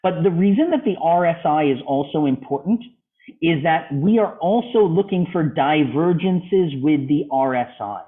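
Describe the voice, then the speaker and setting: Lively man teaching trading charts. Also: on the high side, normal speed. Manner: lively, questioning the student. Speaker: trading club instructor. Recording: phone-like video call audio.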